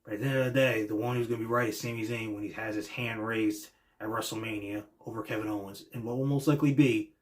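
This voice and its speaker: A man's voice: lowish voice, steady tone, quick pace, few pauses. A man hosting a show, talking through wrestling predictions in a rambling, opinionated way with lots of fillers. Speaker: podcast host. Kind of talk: casual wrestling reaction monologue.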